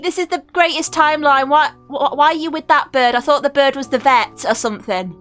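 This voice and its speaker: High-voiced woman gushing over a game. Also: a little fast, few pauses, a bit bright, faint music behind. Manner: emotional, exclaiming to the screen. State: teary, near crying. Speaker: streamer playing a game. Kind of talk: live game commentary.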